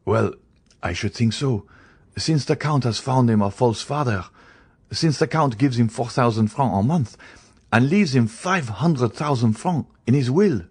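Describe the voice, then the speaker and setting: A man's voice: medium pitch, expressive, unhurried, darkish tone, breathy edge, voice pushed up. A man voicing a cowering ex-convict. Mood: pleading. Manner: pleading, evasive. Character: frightened former male galley convict, cowardly and sly.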